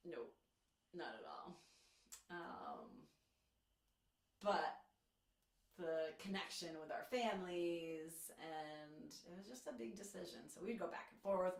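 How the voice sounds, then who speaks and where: A woman chats casually as co-host of a live stream, full of fillers and quick laughs. Her voice sits on the low side. The room around her rings with echo. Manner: chatty, filler-heavy, laughs often. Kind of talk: casual chat. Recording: echoey room.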